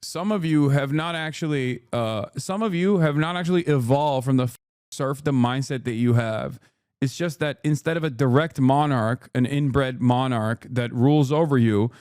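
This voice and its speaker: A man's voice: medium pitch, a little mellow, no room sound. A man streaming ranting political commentary, heated, profane and sarcastic, on a close mic.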